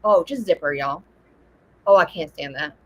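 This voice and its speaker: A woman co-hosting a casual chat, telling stories in an animated way and acting out what people said. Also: low voice, moderate pace, slightly rough, rough recording. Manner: animated storyteller, acts out quotes.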